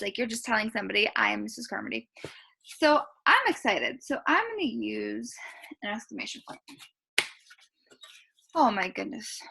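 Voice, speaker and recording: Young woman teacher walking little kids thru a writing lesson, slow singsong, kinda high n raspy-fry. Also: sharp tone. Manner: slow, sing-song teacher talk addressed to small children. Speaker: kindergarten teacher. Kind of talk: recorded remote writing lesson for young children.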